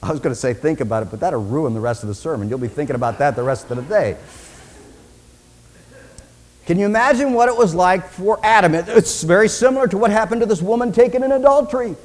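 A man preacher delivering a sermon, dramatic, swinging from loud declaiming to hushed near-whispers. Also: sits high, animated, quick pace, hardly any pauses. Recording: long reverb in a large hall.

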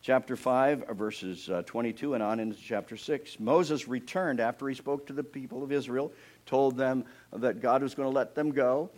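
A middle-aged man preaching a sermon with animated storytelling, swinging between soft, low asides and loud, emphatic passages. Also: normal speed. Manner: earnest, personal asides.

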